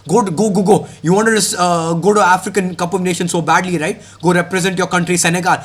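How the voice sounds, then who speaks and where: A young man with a slightly high voice rants about football matches. He is heated and mocking, with a lot of slang, and he talks straight at the players. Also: fairly even intonation, fast, hardly any pauses. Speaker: football reaction streamer. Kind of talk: ranting football reaction.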